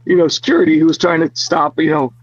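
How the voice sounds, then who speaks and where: A man being interviewed as an actor guest, telling stories in an animated way, laughing often and full of fillers. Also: on the high side, fast talker, muffled recording. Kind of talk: casual interview storytelling.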